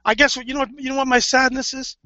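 A man preaching fervently, swinging between hushed and loud, sounding tearful. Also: very high voice, level tone, very fast, no echo. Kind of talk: impassioned preaching. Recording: dull lo-fi recording.

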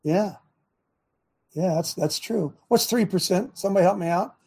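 A man's voice: high voice, moderate pace, gravelly, a little mellow, breathy edge. An older man hosting a talk show, speaking emphatically, repeating himself and laughing in disbelief. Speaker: host. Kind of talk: talk radio commentary.

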